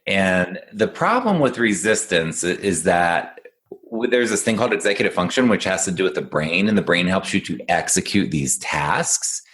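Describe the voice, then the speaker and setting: A man with a very low voice talks through ideas as an executive function coach on a casual podcast. He explains patiently and encouragingly, and tells stories in an animated way. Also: normal speed.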